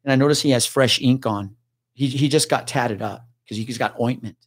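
A man's voice: medium pitch, a little fast, husky, no echo, clean studio sound. A man guest on a podcast, a retired police officer telling a story in casual talk, swearing freely and acting out what others said.

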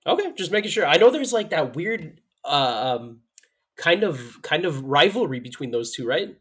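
A man's voice: on the high side, big pitch swings, moderate pace, fairly bright tone, breathy edge. Curious male interviewer. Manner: curious, apologetic questioning. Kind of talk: casual interview.

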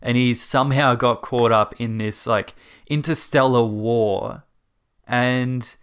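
A man in a casual movie discussion, explaining scenes in a measured, thoughtful way. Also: mid-range voice, steady tone, a bit bright, clean tone.

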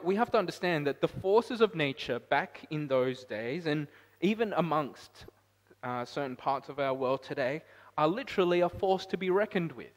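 Male pastor, fairly high voice, sermon delivery in a reverberant church hall, swings between forceful emphasis and hushed asides. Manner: rises to loud emphatic peaks, then drops quiet.

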